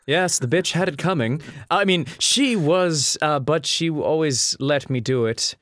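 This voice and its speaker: A man voicing a goofy, cheeky young male classmate in a casual dating-game fan dub, with a deadpan manner. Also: a little high, measured pace, no echo, clean studio sound.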